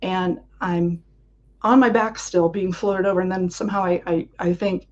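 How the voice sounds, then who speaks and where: A woman's voice: lowish voice, steady tone, normal speed. Woman telling her story, dull lo-fi sound. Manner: vivid storytelling, acts out her own past thoughts. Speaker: interview guest. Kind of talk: recounting a personal experience in an interview.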